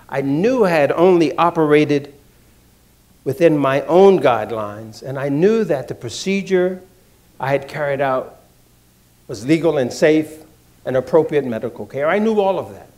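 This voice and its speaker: A man from Washington, D.C., telling an audience his own story in a deliberate, measured way, repeating phrases for emphasis. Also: fairly high pitch, expressive, darkish tone. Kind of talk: measured personal talk to an audience.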